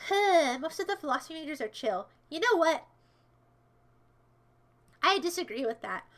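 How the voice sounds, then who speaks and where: A woman's voice: high voice, sing-song, normal speed. A woman livestreamer chatting casually with her viewers in a playful, rambling way, teasing and mock-defending herself. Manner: bursts into shouted mock-villain commands. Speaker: livestreamer answering chat.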